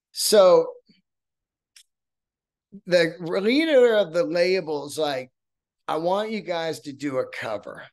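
Excitable, swearing podcast host. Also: male voice, on the high side. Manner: profane, excitable storyteller. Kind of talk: casual storytelling chat.

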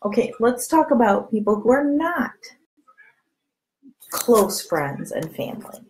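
In a rough recording, a woman with a voice on the high side speaks at a measured pace as she coaches her direct sales team to camera. Her manner is animated, candid and chatty, with repeated catchphrases and conversations with friends acted out in changed voices.

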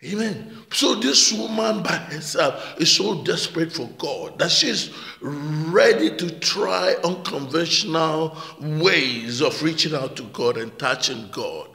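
A man's voice: a little high, animated, slow, creaky, pushed and bright. A male pastor preaching a passionate sermon, repeating words and calling out amen and hallelujah. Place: church hall. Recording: echoey church hall with long reverb.

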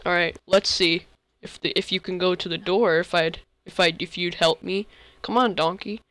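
A young male gamer giving rambling, excitable commentary while playing, often breaking into sudden outbursts. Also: high-pitched, moderate pace, dry recording. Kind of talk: game commentary. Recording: faint music behind.

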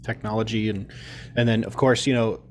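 A man's voice: fairly low pitch, steady tone, brisk, darkish tone, slight background noise. Earnest rambling man host. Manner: rambling, earnest, leans heavily on "you know". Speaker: podcast host. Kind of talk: casual interview chat.

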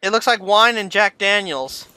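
A player in a co-op video game, chatting casually and calmly giving directions to a teammate. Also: mid-range voice, moderate pace, clean tone. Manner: steady, explains and directs.

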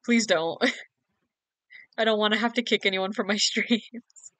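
A woman's voice: medium pitch, fairly even intonation, unhurried, a bit bright, no room sound. Giggly sleepy young woman streamer. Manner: giggly, teasing, sleepy and yawning. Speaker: game streamer. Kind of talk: casual live-stream chat.

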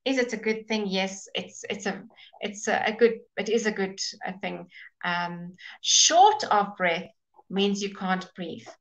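A woman teaching a live online English class, explaining slowly and patiently and sounding out of breath. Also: mid-range voice, level tone, rough recording. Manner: slow, explaining patiently, with fillers and restarts. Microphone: webcam or computer mic.

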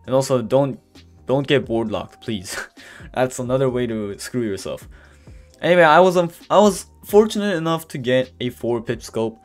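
A man's voice: mid-range voice, normal speed. Rambling man narrating gameplay. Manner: rambling, full of fillers and restarts; says he is stuttering and can barely speak. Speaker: gameplay commentator. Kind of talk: casual gameplay voice-over. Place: voice-over recorded apart from the footage. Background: faint background music.

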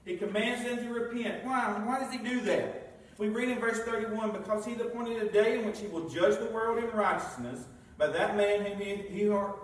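A man preaching a sermon, reading scripture aloud and asking the congregation questions. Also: high-pitched. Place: church sanctuary. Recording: very echoey room, mic far off.

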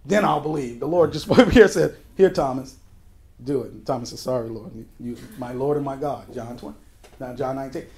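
A male pastor teaching verse by verse through a Bible book, talking conversationally with folksy asides and quick shifts between emphatic and quiet delivery. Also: mid-range voice. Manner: emphatic, with sudden drops to a quiet voice.

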